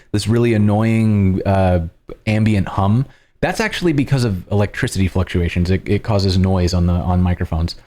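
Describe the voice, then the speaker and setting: Man host, lowish voice, projecting a big outdoor presenter voice, chatty and full of ums, close compressed studio mic at home. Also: darkish tone. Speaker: livestream host. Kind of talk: casual explanatory talk. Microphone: studio dynamic microphone with compression.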